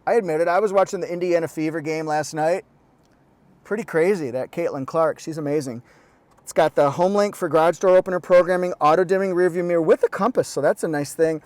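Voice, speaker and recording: A man's voice: on the high side, fairly quick, a little mellow, no echo. Chatty man reviewing a car. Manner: chatty, quirky, jokey asides. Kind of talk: casual walkaround review. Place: inside a parked car. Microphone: lapel mic pack.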